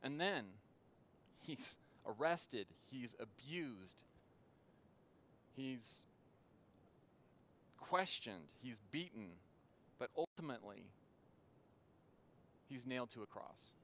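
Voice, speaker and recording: A man preaching a sermon in a church as pastor, earnest and with dramatic pauses. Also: medium pitch, a bit bright, a little hiss or hum.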